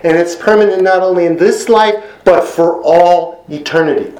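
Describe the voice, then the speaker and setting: A man preaching a sermon in an earnest, emphatic way, slowing down to stress key phrases. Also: high-pitched, darkish tone, reverberant, poor audio.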